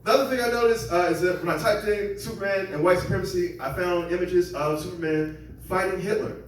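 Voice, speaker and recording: High-pitched and fast, a man from the Seattle area performs rambling, self-mocking stand-up at a comedy club, doing voices for the people he quotes. The recording has strong room echo, a distant mic and a little hiss or hum.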